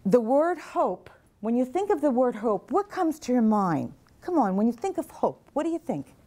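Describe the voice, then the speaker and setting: Earnest woman speaker, slightly high voice. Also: very animated, normal speed, mellow. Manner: earnest, asks the audience questions, repeats their answers. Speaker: mental health advocate speaking to nursing students. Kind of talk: motivational talk to a class. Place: classroom or lecture hall.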